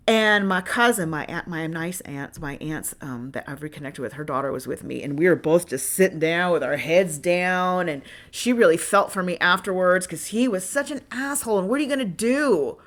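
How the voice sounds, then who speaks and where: A woman hosting a podcast, telling candid personal stories in an animated, profane way, moving from loud venting to low asides. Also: normal speed, few pauses. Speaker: podcast host.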